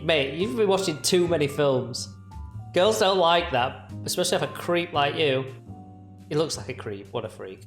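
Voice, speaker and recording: A man's voice: fairly high pitch, fairly bright tone. A young man giving chatty, mocking reaction commentary on video clips. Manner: chatty, jokey, mocking asides.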